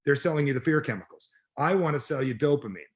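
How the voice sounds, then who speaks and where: A middle-aged personal development coach with an expressive voice on the high side talks fast in an energetic interview. Blunt and emphatic, he swears freely.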